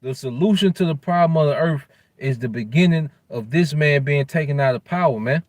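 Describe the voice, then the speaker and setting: A man's voice: a little high, fairly quick, dry recording. A man giving an informal scripture lesson. He uses loose street slang, tags "man" onto nearly every phrase, and stumbles while looking up verses. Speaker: religious teacher.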